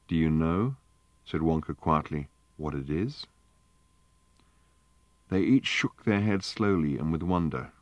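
A man narrating an audiobook in a measured, dryly wry storytelling manner. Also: low-pitched, no echo, dull audio. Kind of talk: scripted narration.

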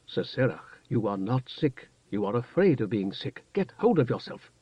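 A man reading the part of a firm, no-nonsense middle-aged woman in an audiobook, brisk and then quietly tender. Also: mid-range voice, very animated, husky, no echo, highs cut off. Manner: firm, brisk, scolding then softly warm.

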